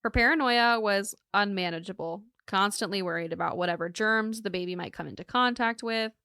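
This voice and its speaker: A woman's voice: medium pitch, fairly quick, sharp tone, smooth, dry recording, clean studio sound. A woman co-hosting a podcast, telling a true crime case in a casual, joking way and laughing often.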